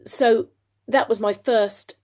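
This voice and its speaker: A woman's voice: fairly high pitch, fairly even intonation, takes it slowly, darkish tone. A woman in her fifties from England, telling her own story as a podcast guest in a chatty way, with frequent ums and restarts. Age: 50s. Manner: chatty, laughs often, many ums and restarts. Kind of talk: candid storytelling.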